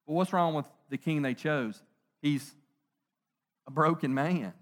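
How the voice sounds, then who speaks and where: A middle-aged man preaching a conversational sermon, animated, joking and asking rhetorical questions. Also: a little high, unhurried. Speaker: pastor.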